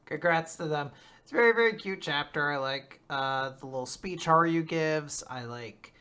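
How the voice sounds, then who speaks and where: A podcast co-host chatting casually, amused and quick to laugh while reacting to the story. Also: medium pitch, sharp tone, clean tone. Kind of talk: casual chat.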